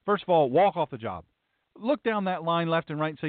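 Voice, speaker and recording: A man's voice: on the high side, expressive, brisk, dry recording. A male host delivering a blunt, emphatic, sarcastic talk-show monologue. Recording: tinny phone-like, dry.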